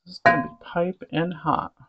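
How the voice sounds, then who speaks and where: A chatty woman with a light Southern lilt talks through her home cooking in a rambling, easygoing way, savoring each bite aloud. Her voice sits a little low for a woman. The sound is a dull, lo-fi home recording. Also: level tone, moderate pace, very noisy. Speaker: cooking vlogger. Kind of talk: casual cooking chat.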